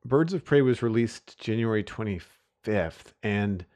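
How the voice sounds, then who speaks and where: A man's voice: on the low side, lively intonation, a little slow, a little mellow. A man co-hosting a podcast, chatting in an easygoing, thoughtful way and searching for words. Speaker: podcast co-host. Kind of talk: casual chat.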